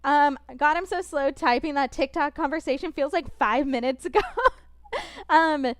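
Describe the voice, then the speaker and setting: Chatty high-voiced young woman streamer. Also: no room sound. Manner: fast, expressive, rambling with many fillers. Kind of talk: casual chat while gaming.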